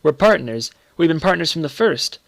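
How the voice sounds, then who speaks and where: A man voicing an earnest, secretive young boy who speaks gravely and pleads with his uncle. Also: on the high side, animated, moderate pace, a bit bright, no echo, voice pushed up.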